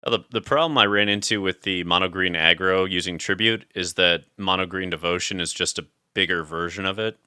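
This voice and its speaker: A man with a low voice and a bright, forceful edge to it, talking through a card game match in loose, chatty banter. He reasons aloud, laughs often and keeps it relaxed. The sound is dry and close. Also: brisk, few pauses, smooth, no echo. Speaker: streamer playing a card game. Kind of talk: casual gaming chat.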